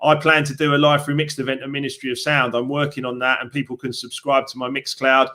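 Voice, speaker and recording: A man's voice: mid-range voice, little pitch movement, fast, pushed and bright. A middle-aged man hosting an interview, openly emotional and encouraging, calling his guest "mate". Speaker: host. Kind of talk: casual interview chat.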